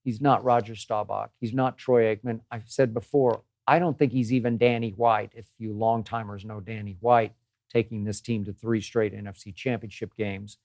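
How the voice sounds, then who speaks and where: A man's voice: fairly low pitch, steady tone, normal speed, a little mellow, no room sound, studio quality. An older man hosting his own sports show, delivering an emphatic, exasperated opinion monologue and repeating phrases for effect. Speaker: host.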